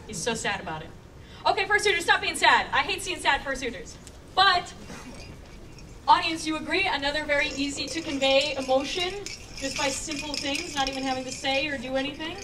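High-voiced playful woman hosting a panel. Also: brisk. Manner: playful, animated, often laughing. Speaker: convention panel host. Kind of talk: live panel commentary to an audience. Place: convention panel room with audience. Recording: distant camera, crowd noise.

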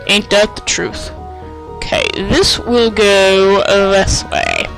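Slow-talking male gamer, excitable and self-mocking, faint game music behind. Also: sits high, creaky, low-quality recording. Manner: excitable, self-mocking, sing-song taunts. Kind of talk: let's play commentary.

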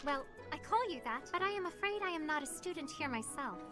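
A super high polite game girl, kinda prim, music playing under. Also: lively intonation, fairly quick. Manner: formal, polite. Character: polite young girl, formal and gentle.

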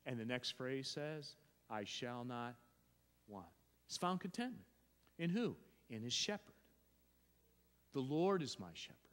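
In a church sanctuary with long reverb, a man preaches in a medium-pitched, sing-song voice that is a bit bright, unhurried, and full of pauses. The pastor speaks emphatically, going back over phrases and frequently starting sentences again.

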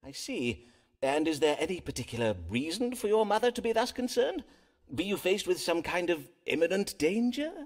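A pompous Elizabethan physician who reads the stars for his game's patients. He talks in a stately, measured old English cadence, his pitch sitting high for a man and swooping widely from word to word. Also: sing-song. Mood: solemn. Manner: archaic stately speech, measured. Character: pompous Elizabethan male doctor-astrologer. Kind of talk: game voice acting.

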